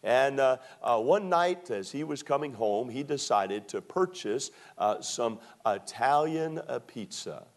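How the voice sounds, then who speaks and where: Middle-aged Maryland preacher, average-pitched man, unhurried storytelling sermon with drawn-out emphasis. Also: animated. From Maryland, USA.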